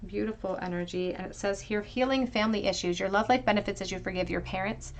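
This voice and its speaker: A woman giving a pick-a-card tarot reading to viewers, talking gently and reassuringly and thinking aloud with frequent ums. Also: mid-range voice, fairly even intonation, fast talker, a little hiss or hum. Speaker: tarot reader.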